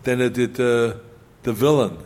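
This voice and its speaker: A man's voice: mid-range voice, measured pace, darkish tone. An older man with an Austrian accent, a guest telling his story in casual talk, emphatic and repeating key phrases for punch.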